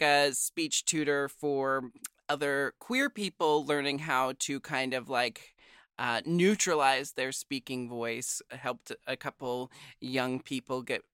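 Bright, crisp host in candid chat. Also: male voice, mid-range voice, no echo, clean studio sound. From Pacific Northwest. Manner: candid, swears freely, laughs often. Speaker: podcast host. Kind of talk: casual interview chat.

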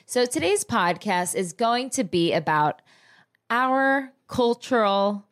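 A young woman with a New Jersey accent co-hosts a casual chat podcast, speaking slowly in a fairly high voice with lively intonation. She laughs a lot, curses freely and talks over her friend.

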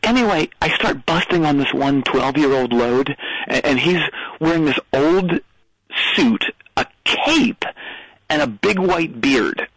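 Husky, stammering male caller. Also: on the high side, lively intonation, a little slow, a bit bright, no room sound, rough recording. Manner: rambling, stammering storyteller. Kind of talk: comedic call-in story.

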